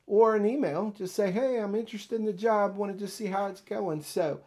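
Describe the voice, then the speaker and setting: Brief: male career coach, fairly high mellow voice, chatty, acts out dialogue. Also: normal speed. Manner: animated, acts out quoted dialogue. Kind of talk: casual instructional talk.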